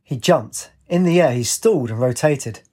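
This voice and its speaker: A man narrating a story in a steady, plain reading voice. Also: medium pitch, normal speed, breathy edge.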